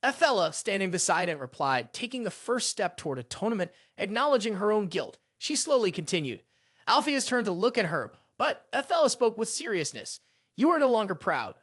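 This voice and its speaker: Lively-pitched recap narrator, dry close sound. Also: a little fast, no echo. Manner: reads all characters' lines in the same narrating voice. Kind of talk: dramatic story recap narration.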